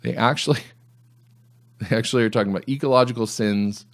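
A man's voice: mid-range voice, a little fast. A man hosting a solo commentary podcast, reading items aloud and answering them with sarcastic, mocking asides. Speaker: podcast host.

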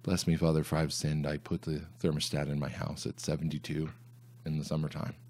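Deep-voiced sarcastic man hosting a podcast. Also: completely flat delivery, fairly quick, a little mellow. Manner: sarcastic, reading tweets aloud with mocking asides. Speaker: podcast host. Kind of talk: solo commentary podcast.

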